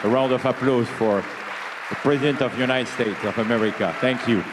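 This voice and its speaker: A man's voice: mid-range voice, fairly even intonation, a little fast, background noise. A man moderating an event, formally thanking and introducing the speaker in a reverberant hall with a crowd. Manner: formal, welcoming.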